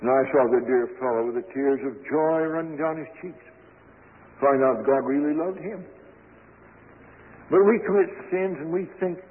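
A man preaching an earnest storytelling sermon, slowing down to stress key words. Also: on the high side, narrow, tinny audio. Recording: thin echoey old radio broadcast.

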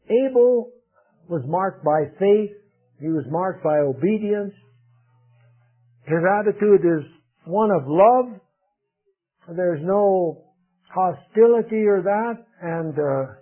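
A man preaching a sermon, earnest and unhurried, pausing often with fillers. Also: fairly high pitch, breathy edge. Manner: slow, earnest preaching with many pauses and "uh" fillers. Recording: tinny phone-like radio broadcast.

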